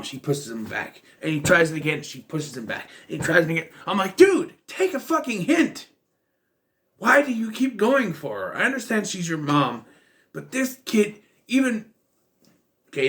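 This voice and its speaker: A man's voice: mid-range voice, fairly bright tone. A man in his thirties giving a casual, exasperated and blunt film review, with bursts of profanity. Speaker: movie reviewer.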